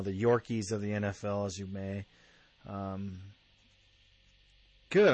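A man's voice: on the low side, dry recording. A man hosting a fan podcast, talking in a casual, emphatic monologue full of enthusiasm. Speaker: podcast host.

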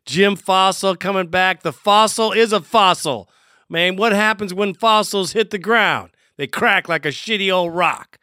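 A man's voice: high-pitched, a little slow, pushed and bright, dry recording, studio quality. A man hosting a fan podcast, who answers callers in a blunt, mocking way and swears freely. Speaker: podcast host. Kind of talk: casual podcast chat.

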